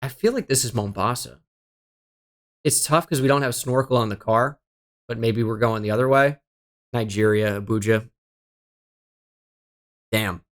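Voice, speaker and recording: Speaking at a mid-range pitch, unhurried and with long pauses, a young streamer talks his way through a geography guessing game. His guesses come out as mutters, and he grumbles about bad luck in an exasperated, self-mocking way.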